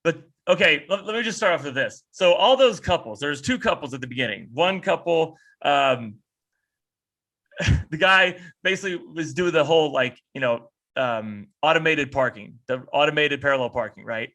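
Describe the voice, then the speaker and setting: Bright-voiced man ranting on a podcast. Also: on the high side, moderate pace. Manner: animated, profane ranting with mocking impressions. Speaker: podcast co-host. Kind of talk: casual comedic podcast rant over video call. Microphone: video call.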